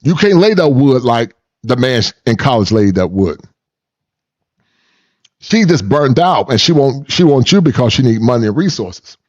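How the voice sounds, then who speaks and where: A man's voice: medium pitch, big pitch swings, normal speed, darkish tone. Preachy man with a dull lo-fi sound. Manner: preachy, repeats words, mocking impressions. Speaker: commentary channel host reacting to clips. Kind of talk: reaction commentary.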